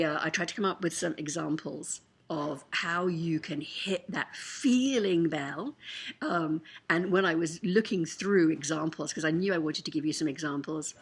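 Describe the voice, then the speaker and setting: A woman's voice: lowish voice, breathy edge. A tired woman giving a candid, emotional writing lesson in a chatty, casual way. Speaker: writing coach. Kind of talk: casual teaching monologue to camera.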